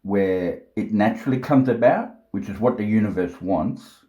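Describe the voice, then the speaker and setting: Halting, deep-voiced man thinking aloud. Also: mellow, roomy sound, muffled recording. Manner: slow, halting, thinking aloud with many fillers and restarts; blunt and profane, insistent. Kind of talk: unscripted monologue to camera. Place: at home.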